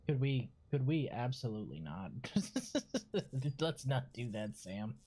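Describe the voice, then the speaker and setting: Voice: medium pitch, sing-song, slow pace, mellow, husky. A streamer giving casual, joking commentary while playing, chatting along and talking to a pet.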